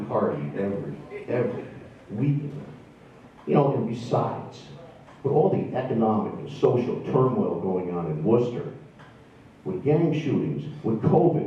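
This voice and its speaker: A man's voice: mid-range voice, warm tone, recorded from a distance, slight background noise. A man, telling wry, self-deprecating stories to a live audience. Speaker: storyteller. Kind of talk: stand-up storytelling. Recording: echoey room from afar, dull sound.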